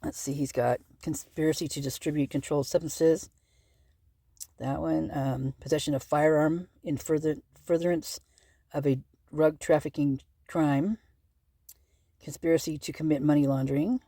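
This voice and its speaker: A woman hosts her own channel, working through a legal document aloud in a loose, rambling commentary full of fillers and restarts. Her voice is mellow and unhurried. The sound is dry and close, with no room around it. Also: deep voice, steady tone, dry recording. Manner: rambling, chatty, with many fillers and self-corrections. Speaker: true-crime channel host. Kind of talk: casual commentary while reading a legal document.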